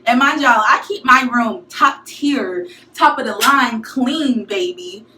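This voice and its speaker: Bright, animated young woman in an echoey room. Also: fairly high pitch, takes it slowly. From St. Louis, USA. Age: young adult. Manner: animated, slangy, addresses viewers as y'all. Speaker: vlogger telling a story. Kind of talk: casual storytime. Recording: echoey room, mic at a distance.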